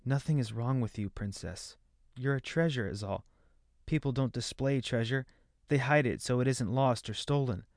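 Male reader as a kindly maidservant, hushed and gentle, dry close read. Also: mid-range voice, moderate pace, no echo, lightly acted. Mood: comforting. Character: gentle kindly maidservant, soft-spoken woman.

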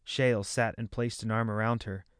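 A man reading a fantasy novel aloud as narrator, in measured storytelling. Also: fairly low pitch, flat delivery, clean tone, no echo, clean studio sound. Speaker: audiobook narrator.

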